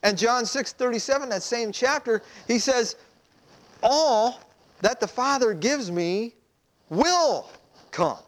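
A man's voice: very high-pitched, expressive, slow pace. A man, a pastor, preaching a sermon in a conversational way, asking rhetorical questions.

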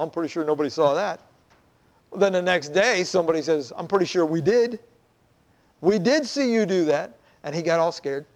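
In his sermon, a man who is a pastor dramatizes a story, acting out the voices of the people in it. His voice sits high.

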